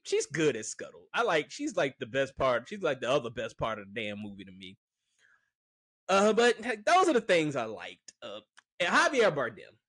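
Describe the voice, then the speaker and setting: Animated, rambling male movie reviewer. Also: on the high side, no room sound, clean studio sound. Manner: rambling, filler-heavy, frank. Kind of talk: casual opinion monologue.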